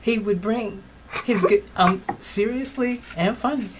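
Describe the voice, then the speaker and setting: A woman's voice: medium pitch, a little slow, background noise. A woman, the musician's wife, telling a funny anecdote in casual chat, heard somewhat distant from the mic. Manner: amused storyteller.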